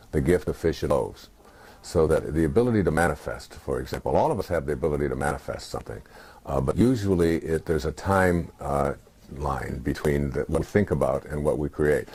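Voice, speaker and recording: A man in his sixties, speaking as an interview guest in a halting, reflective way with many pauses and fillers. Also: extremely low pitch, dark tone, slightly rough. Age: 60s.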